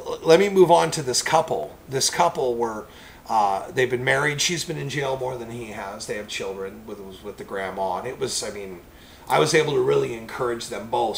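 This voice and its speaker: A man preacher gives a personal testimony, rambling and animated as he tells it. His voice has a gravelly edge at an ordinary male pitch. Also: slight background noise, low-quality recording.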